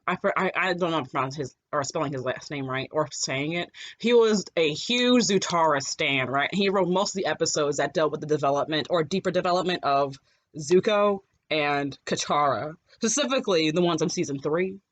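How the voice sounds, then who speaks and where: A podcast co-host chats casually at a middle pitch. The delivery is animated and rambling, full of fillers and quick laughs. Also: dry recording. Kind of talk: casual chat.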